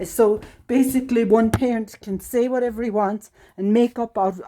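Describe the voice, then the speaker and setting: A woman's voice: mid-range voice, background noise. A woman speaking a personal monologue to camera as a parent, upset and pleading, repeating herself.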